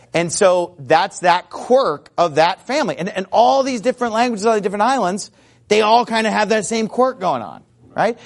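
A man giving a chatty, informal lecture to a class, animated and fond of imitating sounds. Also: high-pitched. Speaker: teacher. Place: Arizona.

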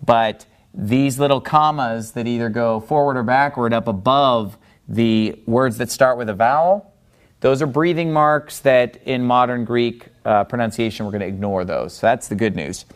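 A man teaching a lesson at a board, in a voice that sits in the middle range. He explains step by step, stops often to check with the listener, and slows down to stress each syllable when he shows how a word sounds. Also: mid-range voice. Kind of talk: Bible-language lesson at a board.

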